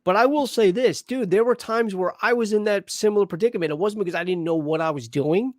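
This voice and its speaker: A man's voice: sits high, quick pace, no room sound, studio quality. A man co-hosting a casual show review, rambling with lots of false starts and restarts. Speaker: podcast co-host.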